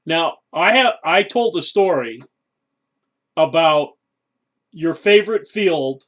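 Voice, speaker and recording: A man's voice: fairly high pitch, animated, slow pace, fairly bright tone. A man hosting a casual interview, teasing his guest about shared memories. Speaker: interview host. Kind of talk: casual chat.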